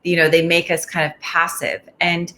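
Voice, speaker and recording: Woman guest, lower-pitched, measured and explanatory. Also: level tone, a bit bright. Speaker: mindfulness expert and author. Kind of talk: interview answers.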